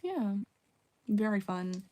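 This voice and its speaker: A woman's voice: mid-range voice, very animated, slow, warm tone. A young woman streaming live, chatting casually and candidly, swearing freely. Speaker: livestreamer. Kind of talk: casual livestream chat.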